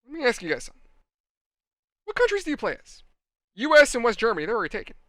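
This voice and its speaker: Racing along in a very high voice, a man on a hobby channel tells his viewers a rambling, exasperated story as he builds a model. He's animated throughout, and the sound is clean studio quality with no echo.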